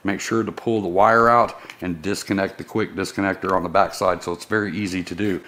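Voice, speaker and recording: In a workshop, a male service technician casually walks through installing a motorcycle part step by step, in friendly shop-talk style. His voice is deep and steady, a bit bright, and a little fast.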